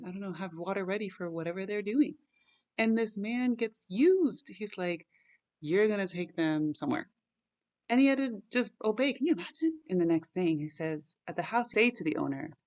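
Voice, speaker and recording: Low, gravelly-voiced woman musing on scripture. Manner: excitable, wondering aloud, many "like" and "right?". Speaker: host of a Bible chat. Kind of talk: casual Bible study chat with scripture reading.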